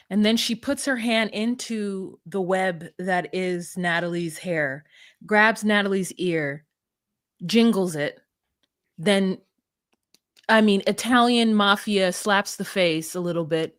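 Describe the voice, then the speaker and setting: A woman's voice: medium pitch, no echo. Woman co-host, casual chat, playful and theatrical, dry close sound. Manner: playful, theatrical, quick asides. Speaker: podcast co-host. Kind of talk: casual chat recapping reality TV.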